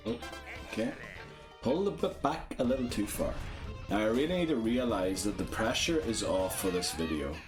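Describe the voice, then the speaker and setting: This man's voice sits on the lower side and is expressive, moving at a normal speed. He streams a motion-control game, offering chatty, self-deprecating commentary and thinking out loud to his viewers while the game's music runs in the background.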